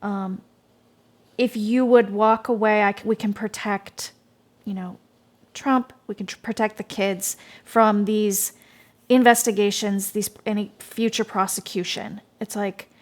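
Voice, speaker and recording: A woman talks through a tarot spread in a loose, unscripted way. She hesitates, restarts sentences and trails off as she thinks aloud. Her voice sits at a moderate, mid-range pitch. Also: fairly even intonation, a little slow. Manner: rambling, hesitant, many fillers and restarts. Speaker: tarot reader. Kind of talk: casual intuitive tarot reading monologue.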